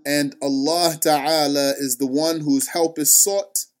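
Man retelling a religious story real slow, explains every verse, calm and deliberate. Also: a little high, crowd noise. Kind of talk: religious storytelling with scripture recitation.

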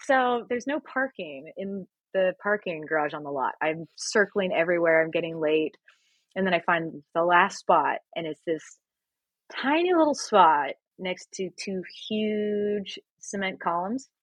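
Guest woman, thirties, husky and dry, animated and laughing as she tells stories. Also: fairly low pitch, a little slow, no room sound. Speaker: guest, singer and actress. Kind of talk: storytelling in a casual interview.

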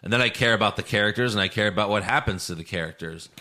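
A man co-hosting a casual movie-review podcast, talking in an animated way and acting out scenes in quick quotes. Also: lowish voice. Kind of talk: casual chat.

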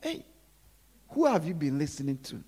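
Gravelly, husky preacher with swooping delivery. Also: very animated, moderate pace, mellow. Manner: repeats phrases, drops to low murmurs between emphatic lines. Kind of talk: sermon.

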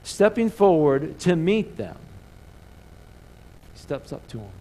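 A man preaching a sermon in church, animated, calling the congregation to answer back. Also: on the high side, slow, rough recording. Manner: animated preaching with call-and-response. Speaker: pastor. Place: church sanctuary.

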